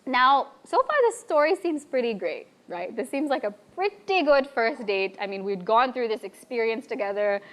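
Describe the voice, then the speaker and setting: A young woman spins a personal tale live before a bar crowd. Her voice sits a touch high, and she stays animated throughout. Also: moderate pace, hardly any pauses. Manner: lively, animated, acts out quoted voices. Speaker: storyteller. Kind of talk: live stage storytelling. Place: bar stage before an audience.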